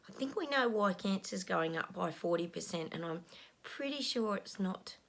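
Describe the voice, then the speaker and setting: A woman's voice: medium pitch, lively intonation, moderate pace, creaky. A middle-aged woman, a psychic talking casually to her viewers, frustrated and ranting, sometimes dropping to a whisper. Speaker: psychic channel host.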